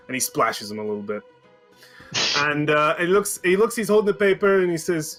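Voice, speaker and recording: A man narrating as game master of a tabletop game, relaxed and chatty with many fillers. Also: a little high, brisk, faint music behind. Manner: relaxed, chuckling, filler-heavy.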